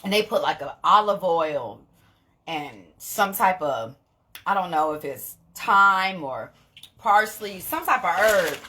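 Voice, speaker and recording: A young woman, talking straight to camera in a casual vlog, blunt and animated, swearing freely and laughing often. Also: fairly low pitch, slow pace. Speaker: vlogger.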